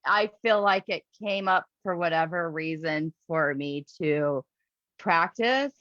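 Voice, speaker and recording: A woman sharing in an online group discussion, thoughtful and a little hesitant. Her voice sits fairly low for a woman. The sound is dry and dull, like call audio. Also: takes it slowly, fairly bright tone, no echo. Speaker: discussion participant.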